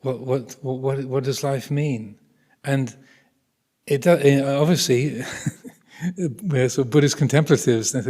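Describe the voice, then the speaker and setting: A Buddhist monastic teacher giving a thoughtful, hesitant Dharma talk with many restarts, in a monastery hall. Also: male voice, mid-range voice, fairly even intonation, unhurried, darkish tone. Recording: reverberant hall recording.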